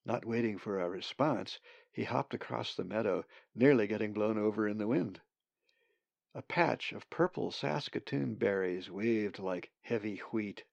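A man narrating a storybook in a measured, deliberate reading. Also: on the low side, gravelly, darkish tone, no room sound. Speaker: audiobook narrator. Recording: dull, slightly muffled sound.

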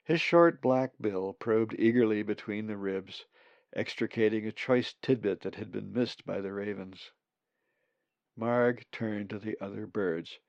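A man narrating an audiobook slowly and expressively. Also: fairly low pitch, vocal fry, dry recording. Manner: slow, expressive. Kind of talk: scripted narration. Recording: dull lo-fi recording.

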